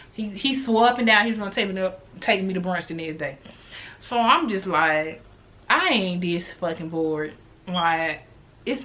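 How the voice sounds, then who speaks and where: A woman in her late twenties at a middle pitch tells a story straight to her viewers. She is blunt and animated, swears freely, and hammers her points home by saying them again. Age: late 20s. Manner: repeats lines for emphasis. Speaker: vlogger. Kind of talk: casual story time monologue.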